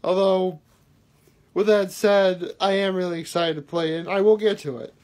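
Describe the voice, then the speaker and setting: A man's voice: sits high, steady tone, moderate pace, a little mellow. A man talking casually to camera in his daily vlog, rambling earnestly with lots of fillers and restarts. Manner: earnest, self-deprecating asides. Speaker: daily vlogger. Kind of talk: casual daily video talk.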